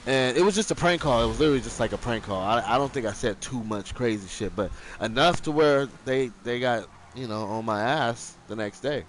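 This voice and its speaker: A young man tells a loose, swearing-laced story at a middling pitch, drifting off on tangents and breaking into loud put-on voices when he quotes people. Faint background noise sits behind him. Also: brisk, hardly any pauses. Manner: rambling, profane, acts out quotes in raised voices. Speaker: streamer telling a story. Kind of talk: casual storytelling.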